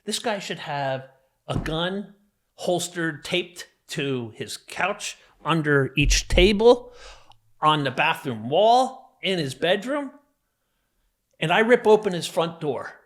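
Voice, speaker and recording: This podcast guest, a middle-aged man from New Jersey, relives a violent memory in vivid, intense, emphatic detail. He speaks on the high side and takes his time, his fairly bright voice rising and falling with lively intonation.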